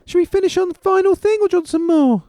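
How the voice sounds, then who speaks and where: A deadpan man co-hosting a podcast, teasing and firing quiz questions at his partner. His voice sits very high for a man, with a mellow, warm tone, and it is recorded dry and close with no echo. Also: fast. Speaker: podcast co-host. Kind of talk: casual chat.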